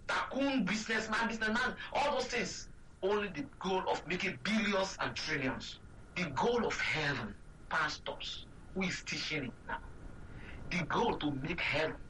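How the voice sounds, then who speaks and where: A Nigerian-accented man preaches a sermon with a sharp, ringing tone. He drives his points home through repetition and rhetorical questions. He sounds set back from the mic, over a faint hum of background noise. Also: high voice, far from the mic, rough recording. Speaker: pastor.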